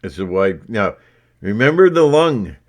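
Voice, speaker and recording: A man's voice: lowish voice, big pitch swings, a little slow. A man talking casually to his viewers in a meandering way, full of asides. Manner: meandering, with lots of verbal asides. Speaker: vlogger. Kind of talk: casual rambling talk to viewers.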